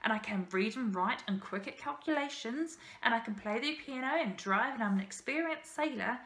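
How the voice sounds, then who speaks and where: A woman's voice: a little high, lively intonation, normal speed, a bit bright, roomy sound. A woman voicing an eager, clever young boy who politely rattles off everything he can do. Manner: polite, rattling off his skills.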